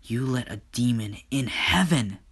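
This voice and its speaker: A man voicing a stern, commanding heavenly father who speaks in measured tones. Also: medium pitch, lively intonation, fairly bright tone, slightly rough, exaggerated voice. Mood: reproachful.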